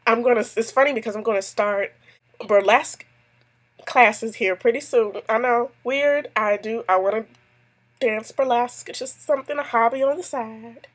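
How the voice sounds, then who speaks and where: Chatty mom vlogging, rambling stories and asides, middle-pitched voice. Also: female voice. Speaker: YouTube vlogger answering a tag; mother. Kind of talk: casual chat to camera.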